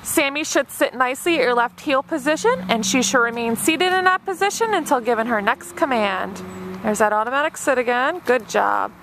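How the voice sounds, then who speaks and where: A woman's voice: fairly high pitch, expressive, brisk, noisy background. A woman dog trainer narrating an obedience demonstration step by step, with a patient and encouraging manner. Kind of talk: instructional narration.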